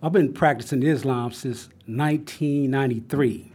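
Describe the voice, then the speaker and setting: A middle-aged man speaking calmly and reflectively in a round-table discussion. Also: medium pitch, normal speed, slightly rough. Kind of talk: reflective personal account.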